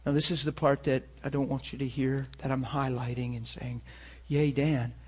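A pastor preaching a sermon and telling personal stories in an earnest way, sometimes dropping soft and sometimes rising loud. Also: male voice, mid-range voice, flat delivery, moderate pace, slightly rough. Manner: earnest storytelling, swings from soft confessional to loud emphatic.

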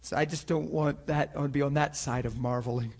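A man preaching with fervor, his voice sitting a little high for a man. He acts out scripture scenes in voices and laughs often, sometimes close to tears. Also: steady tone, fast, noisy background. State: near tears at times. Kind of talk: sermon.

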